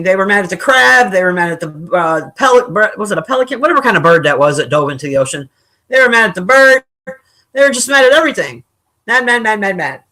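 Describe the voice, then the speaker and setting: With a medium-pitched, fairly bright voice, a streamer chats loosely with viewers while reading their messages. The manner is blunt, opinionated, and joking, with plenty of cursing and laughter.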